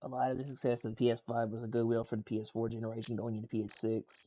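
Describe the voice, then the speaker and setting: A man's voice: medium pitch, completely flat delivery, very fast, mellow, muffled recording. A man casually reacting to gaming clips and tweets, laughing often and swearing loosely. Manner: laughs a lot, loose and profane. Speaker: gaming news streamer.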